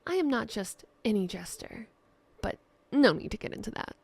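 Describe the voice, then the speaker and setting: A woman's voice: medium pitch, big pitch swings, normal speed, vocal fry, husky, no echo, heavily acted. A woman voicing a theatrical male jester and priest who talks in playful, rambling banter. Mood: teasing.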